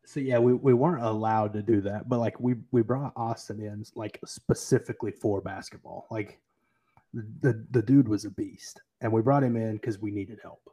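A man's voice: lowish voice, steady tone, normal speed, warm tone, husky. A young man co-hosting a podcast, chatting casually and telling loose stories. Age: young adult. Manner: loose, laid-back storytelling. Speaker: podcast co-host. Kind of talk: casual interview chat.

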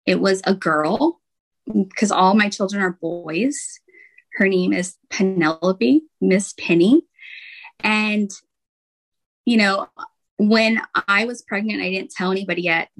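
A woman guest on a podcast interview, telling her own story in a candid, animated way and talking in long runs. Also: medium pitch, slow pace, long pauses, poor audio. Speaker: guest, intuitive healer.

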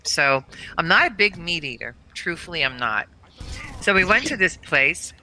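A woman's voice: lowish voice, very animated, moderate pace, sharp tone, a little hiss or hum, rough recording. A middle-aged woman telling a funny family story in casual chat, laughing often. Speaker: guest storyteller, mother.

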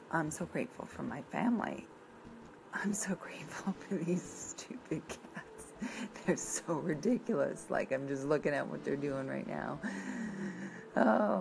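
A woman talks in a loose, rambling way. Her voice is low and full of vocal fry, and she is blunt, swearing here and there. Faint room noise sits under her voice. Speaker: vlogger presenting a coloring page. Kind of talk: casual chat.

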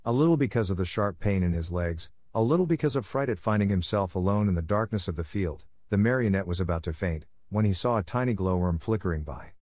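A man narrating a classic children's story in a steady, even reading. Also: sits low, quick pace, hardly any pauses, no room sound, studio quality. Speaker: audiobook narrator.

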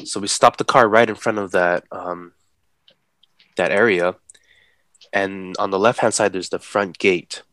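A man telling a story in a relaxed, animated way, acting out the people in it and laughing as he talks. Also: deep voice, unhurried, long pauses, dry recording. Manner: animated, acts out the voices of people in his story; laughs while talking. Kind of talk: casual storytelling.

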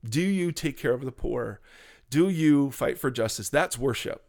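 Co-hosting a talk show, this pastor and podcast co-host teaches about faith conversationally, earnest and preachy, with frequent restarts. He speaks at a measured pace in a medium-pitched, animated voice that's a little mellow.

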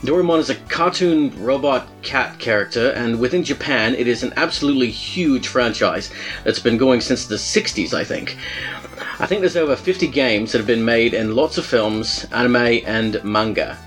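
A man's voice: medium pitch, moderate pace, fairly bright tone, faint music behind, natural voice. A man reading out a listener's letter in a put-on Australian accent that keeps slipping toward English. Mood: playful. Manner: hammy, self-conscious put-on accent that drifts toward English.

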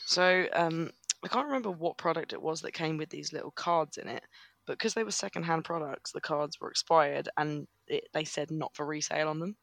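A man co-hosting a podcast, chatting crudely with lots of "like" and quick reactions. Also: a little high, vocal fry, fairly bright tone, no echo. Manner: crude, reactive, says "like" a lot. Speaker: podcast co-host. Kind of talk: casual chat.

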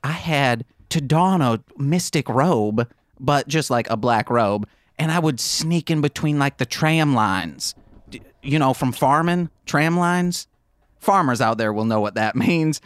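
A man's voice: medium pitch, animated, measured pace, no echo. A man playing a tabletop game, rambling and joking as he tells what his character did. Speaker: player. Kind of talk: tabletop game play, casual.

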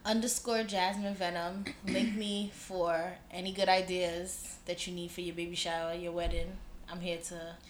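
A woman's voice: lowish voice, flat delivery, moderate pace, hardly any pauses, a little hiss or hum. A woman in her early thirties co-hosting a podcast, chatting with eager, profane enthusiasm. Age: early 30s. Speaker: podcast co-host. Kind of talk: casual chat. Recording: echoey room.

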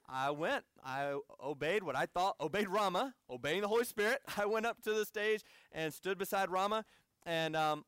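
A man's voice: high voice, animated, brisk, a bit bright, smooth, dry recording. An American man preaching a sermon as a conversational story with asides to the audience. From United States.

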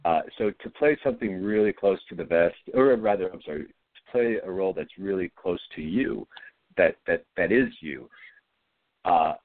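A middle-aged man, an actor being interviewed, talking in a low-key, halting way with frequent restarts. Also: expressive, no room sound. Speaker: actor guest. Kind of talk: casual interview talk. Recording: dry, phone-like line.

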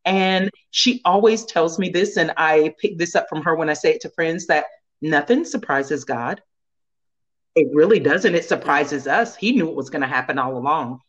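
Low-voiced earnest woman guest. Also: normal speed, muffled recording. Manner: earnest, faith-centered, laughs often. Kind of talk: casual conversation.

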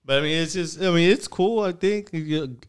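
A man's voice: a little high, moderate pace, smooth. A man in his thirties co-hosting a casual talk show, laid-back and rambling with lots of "you know" and "right?", now and then slipping into Spanish slang. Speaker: podcast co-host. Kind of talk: casual chat.

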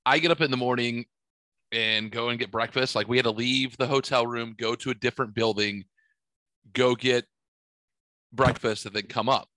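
Bright-voiced man telling stories. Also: medium pitch, normal speed, dry recording. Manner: animated, swearing, acts out quotes. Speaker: podcast host. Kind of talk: casual storytelling chat. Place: podcast studio.

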